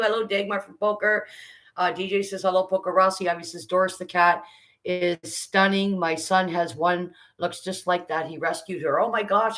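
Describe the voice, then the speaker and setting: A woman's voice: fairly low pitch, brisk, fairly bright tone, low-quality recording. A middle-aged woman hosting a casual live baking stream, chatting, greeting viewers by name and reading out their comments.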